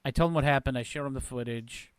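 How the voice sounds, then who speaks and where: A man co-hosting a podcast recounts an incident in casual chat, moving through it step by step. His voice is smooth and clear, at a middle pitch. The sound is dry and close. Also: quick pace, no room sound. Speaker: podcast co-host.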